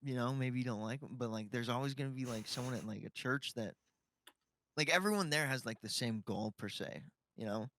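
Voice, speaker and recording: A young man co-hosting a podcast, talking in a halting, easygoing way full of "like". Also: mid-range voice, a bit bright. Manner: halting, filler-heavy, easygoing. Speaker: podcast co-host. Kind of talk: casual chat.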